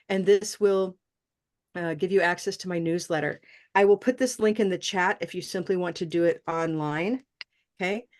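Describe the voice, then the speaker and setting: A woman teaching an online English pronunciation class, encouraging and checking in with "okay?" often. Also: medium pitch.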